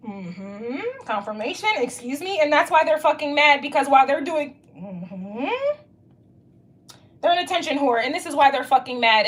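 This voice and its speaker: A woman's voice: high voice, fairly bright tone, slight background noise. A young woman doing a casual tarot reading, blunt, emphatic and profane. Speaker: tarot reader.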